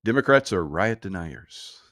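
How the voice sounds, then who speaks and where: A man's voice: low-pitched, big pitch swings, measured pace, a bit bright, no room sound. Sarcastic man commenting in a dry room. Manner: sarcastic, mocking, frequent chuckles. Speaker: political commentary host. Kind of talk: casual political commentary.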